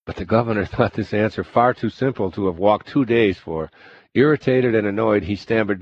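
A man reading a self-help text aloud in slow, deliberate, calm scripted narration. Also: on the low side, no room sound. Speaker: audiobook narrator. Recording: dull lo-fi recording.

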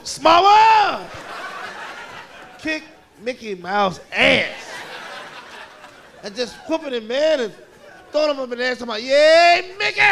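A man on a comedy stage tells a story in a very high, bright, forceful voice with a gravelly edge. He talks loud and profane, jumping into voices as he goes. Faint crowd laughter and room noise sit behind him in a live club recording. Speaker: stand-up comedian. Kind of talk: stand-up storytelling. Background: audience laughing.

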